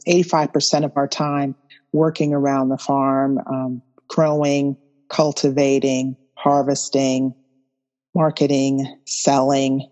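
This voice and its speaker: A woman's voice: very deep voice, mellow, lo-fi sound. Thoughtful woman in a reverberant room. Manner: measured, thoughtful, listing things slowly. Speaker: guest, farmer and author. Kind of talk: podcast interview. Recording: roomy with long reverb.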